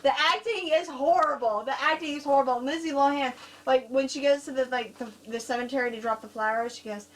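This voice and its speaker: A woman co-hosting a casual horror-film review, telling stories in a giggly, animated way. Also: high-pitched, a little fast, slight background noise, poor audio. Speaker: co-host reviewing horror films. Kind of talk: casual chat.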